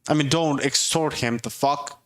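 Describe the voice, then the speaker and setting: A man's fairly high, slightly bright voice moves at a moderate pace through a casual, comedic rant offering dating and relationship advice. He's blunt and profane, repeatedly pressing his points with "okay?"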